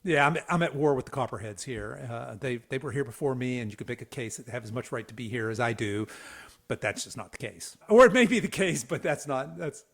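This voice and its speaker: Animated man from the Southeastern US, telling a story. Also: mid-range voice, fairly quick, creaky. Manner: animated, folksy, lots of restarts and laughs. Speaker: podcast host. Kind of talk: casual conversational storytelling.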